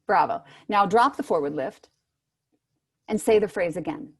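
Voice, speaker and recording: A woman voice teacher giving brisk, encouraging instructions to singers in an online workshop, heard over a video call microphone. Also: medium pitch, lively intonation, slightly rough. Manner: brisk, encouraging coaching with spoken demonstrations.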